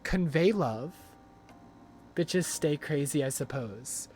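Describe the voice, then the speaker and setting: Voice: mid-range voice, unhurried, long pauses. Exasperated swearing game streamer. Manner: rants in exasperated outbursts, swearing; repeats phrases over and over. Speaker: livestreamer. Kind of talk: live gaming commentary.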